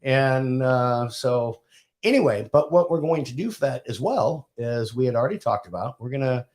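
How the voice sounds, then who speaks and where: A man's voice: medium pitch, expressive, normal speed, a little mellow. A man co-hosting a podcast in easygoing, rambling casual chat with his wife. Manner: easygoing, rambling with many fillers and restarts. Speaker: podcast co-host.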